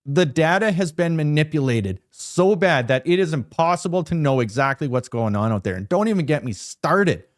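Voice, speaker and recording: A man hosting political commentary, talking emphatically in a ranting, sarcastic way. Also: a little high. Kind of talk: opinionated news commentary.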